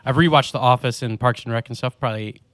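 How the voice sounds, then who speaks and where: A man's voice: medium pitch, quick pace, a bit bright, no room sound. A young man in his twenties hosting a podcast, chatting casually with friends, rambling and laughing as he talks. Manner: laid-back, rambling with restarts and laughs. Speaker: podcast host. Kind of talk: casual chat.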